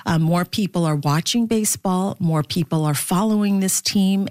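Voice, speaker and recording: A woman's voice: lowish voice, moderate pace, few pauses, a little mellow, no room sound, clean studio sound. A middle-aged woman, a baseball broadcaster from the Philippines, talking candidly as an interview guest and laughing often.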